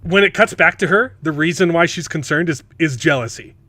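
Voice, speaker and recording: A man hosting a casual panel chat, animated and mocking, often stumbling over words and restarting. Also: a little high, brisk, no room sound. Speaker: host.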